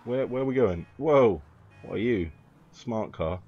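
A gaming YouTuber jokes, rambles, and swears freely while playing a driving game in casual let's-play commentary. His voice sits on the low side and is husky, with lively intonation and a measured pace. Faint hiss runs through the dull, lo-fi recording.

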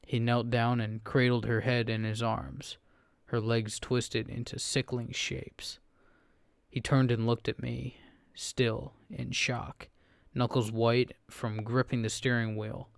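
A man narrating a first-person horror story in a steady, low storytelling delivery. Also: takes it slowly, gravelly, no echo.

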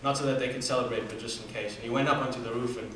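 Racing through his personal story, an earnest Namibian student in his 20s speaks in a steady, somewhat bright mid-range voice, stumbling into fillers and restarts. The sound comes from far off in an echoey, very reverberant hall, with a faint hum in the room.

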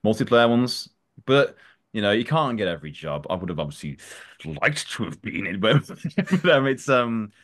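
A man, a voice actor, chatting in an interview in an animated, self-deprecating way, his voice swinging up and down. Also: on the low side, normal speed. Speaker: voice actor guest. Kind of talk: casual interview chat.

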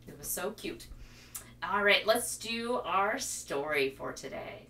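Bright, animated storytime woman. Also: on the low side, measured pace. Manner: animated sing-song, imitates animal sounds for kids. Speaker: children's librarian leading storytime. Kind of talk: children's storytime with rhymes.

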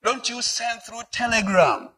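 A man's voice: extremely high pitch, a little slow, bright, forceful tone, breathy edge, rough recording. A male pastor preaching a sermon, building to emphatic swells and asking the congregation rhetorical questions.

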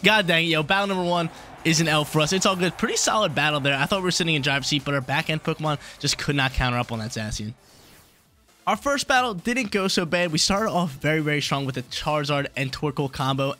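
A man casually calling the play-by-play of his own online battle, excitable and slangy, often repeating his lines. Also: medium pitch. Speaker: game commentator.

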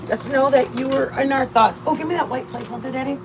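A woman's voice: high-pitched, fast, background noise. A woman from Michigan chatting casually while cooking with her partner at their RV, rambling and laughing often. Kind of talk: casual live-stream chat. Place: RV campsite during a rainstorm.

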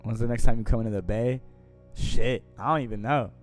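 A young man talks casually on a live stream, answering viewer questions in loose, profane slang. His voice sits at a middle pitch and drops to mumbled asides before jumping to loud, excited bursts. Faint music plays behind him. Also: fairly quick.

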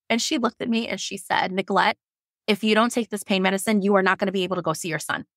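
Woman, 30s, guest sharing a hard birth story; gravelly, frank, emotional, dry close sound. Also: mid-range voice, steady tone, fast, dry recording. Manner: emotional, frank, swears, many fillers. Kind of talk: candid personal storytelling.

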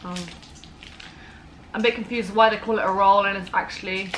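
A young English woman, chatty and quick to laugh, taste-testing sweets and giving scores. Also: mid-range voice, fairly even intonation, a bit bright. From England. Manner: chatty, laughs easily, teasing. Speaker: vlogger. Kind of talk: casual taste-test chat. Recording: noisy home recording.

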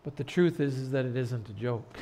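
A man pastor preaching an earnest sermon in a church, turning loud and dramatic when telling a story. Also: mid-range voice, moderate pace, slight background noise. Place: church sanctuary.

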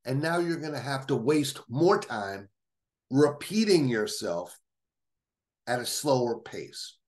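A man's voice: medium pitch, lively intonation, measured pace, a little mellow. A man teaching phone sales, explaining emphatically with examples. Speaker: sales trainer. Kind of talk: training lecture.

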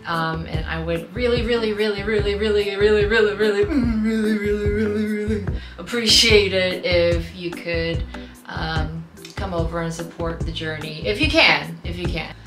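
A woman's voice: medium pitch, moderate pace, roomy sound, over music. A young woman vlogging casually as she unboxes gifts, playful, with squeals and giggles. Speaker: YouTuber.

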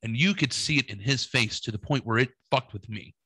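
A young adult man co-hosting a podcast, telling a long story in a rambling, profane way and acting out the dialogue with lively voices. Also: medium pitch, fairly quick, slightly rough, dry recording. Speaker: podcast co-host.

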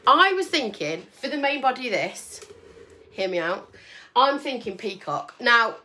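A woman's voice: fairly high pitch, sing-song, measured pace, pushed and bright, a little hiss or hum. A woman chatting casually to viewers while she paints furniture, rambling and friendly. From English Midlands, near Birmingham.

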